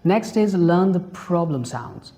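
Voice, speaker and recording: An English teacher from India with an Indian accent giving a pronunciation lesson, explaining points patiently, repeating them and spelling out examples slowly. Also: mid-range voice, animated, warm tone.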